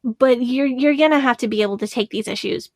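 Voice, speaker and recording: Woman podcast co-host, somewhat high voice, earnest and restarting often, dry close-mic sound. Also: a little fast, a little mellow, dry recording. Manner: earnest, thinks aloud with restarts. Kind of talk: casual chat.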